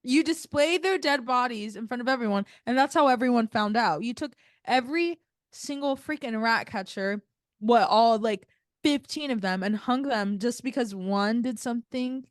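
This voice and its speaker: Young female co-host, higher pitch, dry close mic, blunt and exasperated chat. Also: normal speed, no echo. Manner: blunt, exasperated, heavy "like" fillers. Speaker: podcast co-host. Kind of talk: casual chat recapping a TV show.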